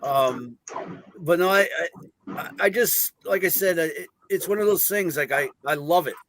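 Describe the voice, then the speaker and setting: A man's voice: sits high, measured pace, a little hiss or hum. A man guesting on a paranormal talk show, telling stories at an easy pace. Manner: relaxed storyteller, many uh fillers. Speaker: guest paranormal investigator and clown performer. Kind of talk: casual chat.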